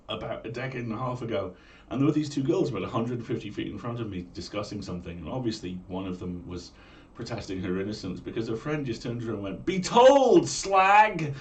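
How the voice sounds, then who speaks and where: A man with a Manx accent, hosting a livestream in a chatty, joking way with quick asides. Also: on the low side, far from the mic. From Isle of Man. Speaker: streamer and storyteller host. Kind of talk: casual chat. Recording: voice from off-mic with faint room ambience.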